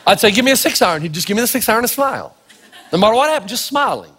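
A male pastor from Tennessee preaching a sermon full of stories, acting out voices and shouting for emphasis. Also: high voice, big pitch swings, racing, long reverb tail, a little hiss or hum. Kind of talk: sermon with storytelling.

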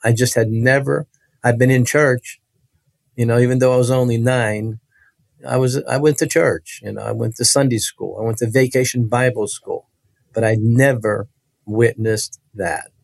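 A man's voice: medium pitch, fairly even intonation, normal speed, gravelly, no room sound. Brief: man sharing his testimony, earnest storyteller, medium voice, dry close sound. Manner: earnest, vivid storytelling with many restarts. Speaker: guest telling his testimony. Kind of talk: personal faith testimony in conversation.

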